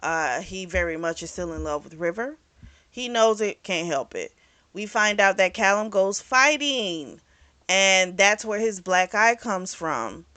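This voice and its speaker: A woman's voice: mid-range voice, lively intonation, measured pace, sharp tone, dry recording. A woman hosting a book club channel, casually recapping a novel's plot with quoted dialogue. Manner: chatty, retells scenes with quoted lines.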